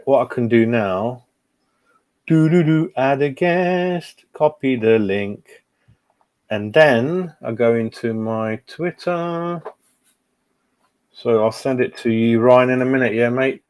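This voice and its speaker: A man's voice: mid-range voice, unhurried, a little mellow. Middle-aged man, live stream host, casual and distracted chatter. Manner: chatty, distracted, muttering while fiddling with a computer. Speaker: fan channel host.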